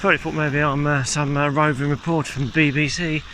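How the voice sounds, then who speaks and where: The vlogger chats openly and casually during a countryside walk, filming on a handheld camera. He talks quickly in a slightly high, sharp voice with little pitch movement. A faint outdoor backdrop and a bit of hiss or hum come through.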